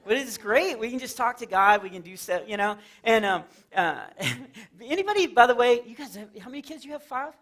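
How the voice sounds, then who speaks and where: A middle-aged man from Texas doing live Christian stand-up in a church, telling stories with lively acted-out quotes. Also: very high voice, a little fast, a faint crowd. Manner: animated storytelling with acted-out quotes and laughs. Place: church hall with a live audience.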